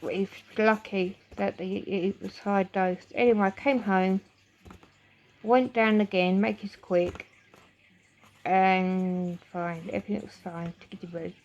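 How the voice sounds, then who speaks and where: A woman's voice: mid-range voice, steady tone, a little slow, darkish tone, lo-fi sound. A middle-aged woman telling a painful personal story to camera, emotional and rambling, with swearing and frequent restarts. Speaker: vlogger.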